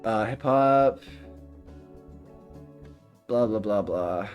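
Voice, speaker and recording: A man's voice: on the low side, very slow, soft background music. A young man chatting casually on a live stream, rambling off on tangents and swearing freely. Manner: rambling, goes off on tangents, swears, laughs often.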